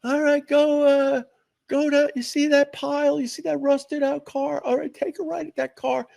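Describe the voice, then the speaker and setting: A man voicing a male dump attendant who gives brusque, rapid directions. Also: extremely high pitch, little pitch movement, vocal fry, a little mellow, pitched above the performer's own voice. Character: offhand male dump attendant waving cars in.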